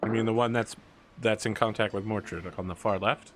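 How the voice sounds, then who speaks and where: Over a noisy background, a man with a lowish voice and fairly even intonation runs a casual tabletop game as game master. He lays out rules and narrates actions in fast, stop-start bursts full of fillers.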